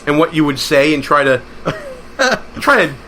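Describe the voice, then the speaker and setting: A man's voice: on the high side, sing-song, a little slow, sharp tone, slight background noise. A man hosting a political talk show, speaking in an emphatic, rallying, conversational way. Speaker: host.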